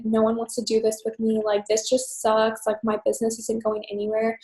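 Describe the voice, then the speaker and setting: A young woman team leader giving a fast, chatty, upbeat orientation talk full of "um" and "you guys". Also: a little high, a little mellow. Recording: echoey room.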